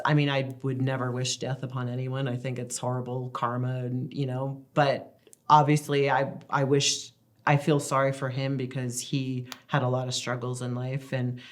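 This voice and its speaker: A woman in her thirties, a guest in a casual interview, telling family stories in a chatty, animated way. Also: rumbling low. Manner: chatty, animated storytelling with acted-out quotes. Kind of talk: casual chat.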